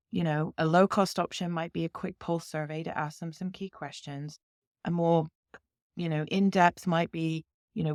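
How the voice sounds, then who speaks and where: A woman's voice: low voice, dry recording, clean studio sound. A woman with a British accent, a company head being interviewed, explaining her approach in long examples and acting out client conversations. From Britain. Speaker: CEO guest.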